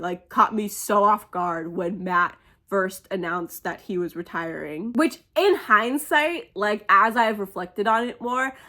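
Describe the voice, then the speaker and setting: A woman's voice: mid-range voice, fairly bright tone. A young woman talking casually and emotionally as a fan, gushing with many fillers. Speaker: fan sharing a tribute. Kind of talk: casual personal monologue.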